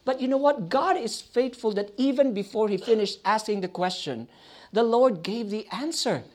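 High-voiced man preaching. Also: animated, normal speed, darkish tone. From Philippines. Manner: storytelling, addresses audience as friends, laughs often. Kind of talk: sermon testimony.

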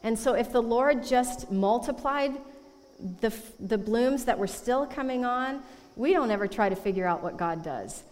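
A woman sharing a testimony as co-speaker at a conference, emphatic and warm. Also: fairly high pitch, normal speed. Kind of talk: testimony talk. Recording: long hall reverb.

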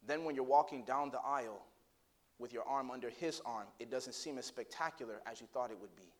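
Delivering a sermon at a fairly quick pace, a male pastor starts with a quietly told story before rising to loud, fervent preaching. He poses rhetorical questions to his congregation along the way.

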